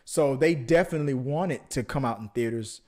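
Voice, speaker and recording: On a laid-back movie podcast, this co-host rambles and cracks jokes while covering the news, often correcting himself. He has a medium-pitched, darkish voice and talks a little fast.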